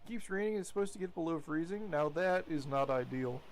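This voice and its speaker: A man's voice: a little high, expressive, fairly quick, slight background noise. A man rambling casually while commentating his gameplay, chatty and swearing now and then. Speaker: gaming streamer.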